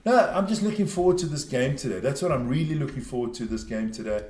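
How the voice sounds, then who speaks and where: A man's voice: medium pitch, animated, fast talker, a little mellow, echoey room. A South African man co-hosting a rugby watchalong, chatting in a jokey, rambling way. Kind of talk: casual sports chat.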